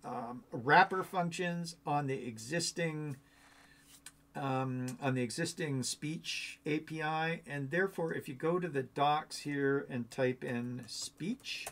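Male host for a casual coding walkthrough, gravelly texture, rambles and thinks aloud. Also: a little high, slow pace, a bit bright, slight background noise.

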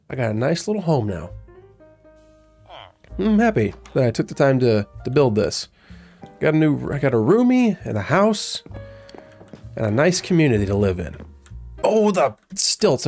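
A man's voice: mid-range voice, sing-song, normal speed, long pauses, darkish tone, soft background music. A man giving casual, rambling commentary as he plays a video game, talking to himself in a playful way. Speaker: gaming YouTuber. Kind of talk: casual Let's Play commentary.

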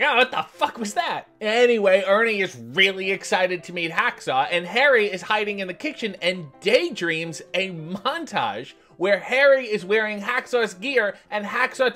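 A man's voice: high-pitched, sharp tone. A man hosting a comedic recap of a TV episode, with sarcastic, profane asides. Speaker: host.

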